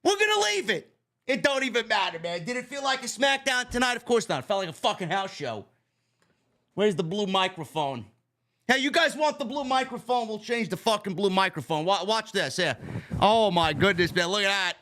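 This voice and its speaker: A man with a New York accent, host of a wrestling review show, ranting in a loud, profane, mock-annoyed way and shouting at times. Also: sits high, big pitch swings, moderate pace. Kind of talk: profane comedic rant.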